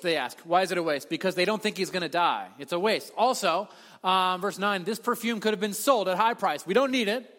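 A man preaching a sermon as a pastor, telling the story with animated delivery and acting out the voices he quotes. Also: high-pitched, normal speed. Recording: long hall reverb.

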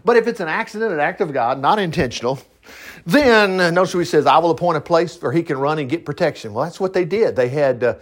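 A man teaches from scripture in an informal, folksy manner, stopping often to joke and add his own asides. His voice sits a little high and moves around a great deal, rising and falling all the time. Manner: folksy, animated, quick to laugh and digress. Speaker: preacher.

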